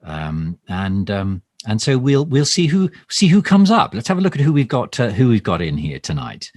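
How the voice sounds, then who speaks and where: A man plays a bumbling, pompous government minister in an improvised comic monologue framed as a mock live stream, rambling and stammering through ums and restarts. His fairly low voice is slightly mellow, swings hugely in pitch, and moves at a moderate pace. The studio-quality recording has no room sound, and he comes across as self-important and overly formal.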